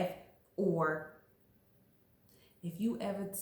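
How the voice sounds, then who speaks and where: A woman's voice: medium pitch, unhurried. A woman vlogger explaining astrology in a casual, emphatic, chatty way. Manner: chatty, emphatic, acts out little quoted voices. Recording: echoey room.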